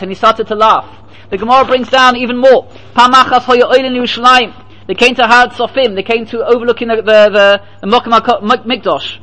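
A man teaching a Talmud lesson, mixing quoted Hebrew and Aramaic passages with English explanation in a storytelling manner that grows animated at emotional points. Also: extremely high pitch, brisk, rough recording. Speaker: Torah teacher.

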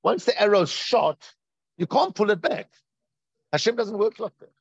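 A man teaching a Torah class as a rabbi, animated and repeating phrases for emphasis. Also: sits high, normal speed, creaky, husky, dry recording, lo-fi sound. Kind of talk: Torah class on Tisha B'Av.

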